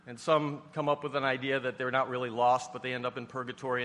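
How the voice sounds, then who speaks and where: Bright-voiced preacher in a big hall. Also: male voice, medium pitch, level tone, quick pace. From New York. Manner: folksy and conversational, rising to emphatic preaching. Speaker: pastor. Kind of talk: sermon.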